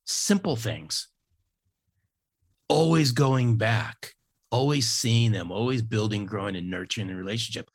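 A man's voice: fairly low pitch, expressive, a little fast, hardly any pauses, breathy edge. A man in his fifties, a sales coach, telling stories in an interview with emphatic repetition. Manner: emphatic, repeats key phrases for effect. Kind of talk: storytelling interview talk.

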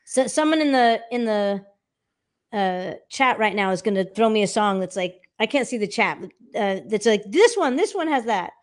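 Brief: woman vocal coach, middle pitch, lively and animated, casual interview guest. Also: normal speed, smooth. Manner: animated, demonstrates by singing snippets.

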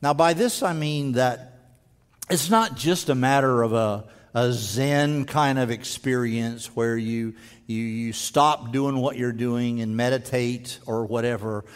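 A man preaching a sermon in earnest, stumbling over restarts and dropping to a slow, quiet voice for emphasis. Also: mid-range voice, clean tone. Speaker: pastor. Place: church sanctuary. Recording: long hall reverb.

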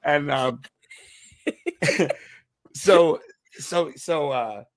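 A man telling stories in a casual interview as a comedian guest, animated, laughing often and restarting his words. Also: fairly high pitch, drawn-out words, vocal fry, dry recording, clean studio sound.

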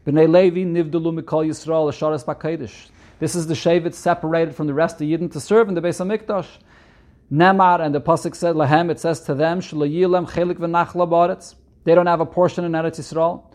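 A man's voice: on the high side, steady tone, a little fast, darkish tone. A man with a Yeshivish accent teaching a Torah text, reading the Hebrew and then explaining it line by line in English, repeating key points. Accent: Yeshivish English with Hebrew and Yiddish terms.

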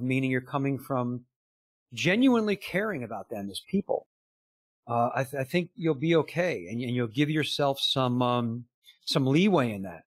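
A middle-aged man with an ordinary mid-pitched voice is interviewed as a business coach. He tells his stories earnestly and conversationally, acting out quoted lines of dialogue and often saying "you know." The recording is dry, with no room echo.

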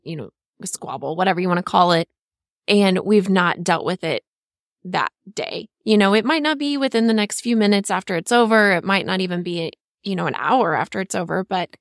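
Thoughtful woman guest, gravelly tone. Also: medium pitch, no echo, clean studio sound. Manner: measured, thoughtful, many "you know" fillers. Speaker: podcast guest. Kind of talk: casual podcast chat.

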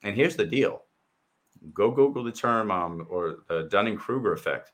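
A man co-hosting a heated online talk show, blunt and impassioned, swearing freely and mimicking others in quick quoted asides. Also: on the low side, expressive, a bit bright. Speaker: co-host. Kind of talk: heated casual discussion.

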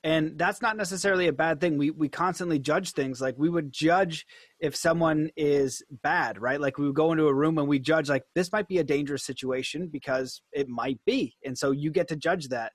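A man's voice: fairly high pitch, normal speed, husky, no room sound, studio quality. A man hosting a podcast, talking casually with frequent fillers and easy laughs. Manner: casual, laughs often, lots of fillers like "you know" and "like". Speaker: podcast host and hypnotist. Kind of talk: podcast conversation.

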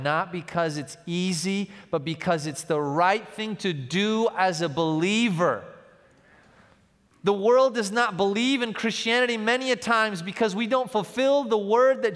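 A young man, a pastor, preaching a sermon with personal stories, animated and shifting between loud passages and hushed, tender ones. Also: sits high, in a large hall.

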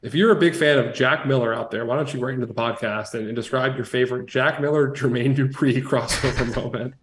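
A man's voice: medium pitch, fairly quick, roomy sound. A man co-hosting a sports podcast, chatting casually with dry sarcastic humor. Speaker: podcast co-host.

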